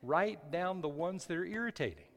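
A man's voice: high-pitched, lively intonation, moderate pace. A male pastor preaching a sermon in a church, emphatic, often restarting his phrases. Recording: hall reverb with faint music.

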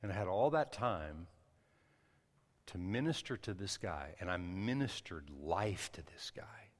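A man's voice: sits low, expressive, unhurried, in a large hall. A man preaching a sermon, telling a personal story in a loose, conversational way with frequent restarts and asides. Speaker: pastor.

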